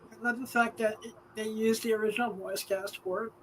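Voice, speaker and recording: A woman's voice: on the high side, steady tone, brisk, a little hiss or hum. A woman co-hosting a radio show, chatting casually in a profane, offhand and enthusiastic way. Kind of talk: casual chat.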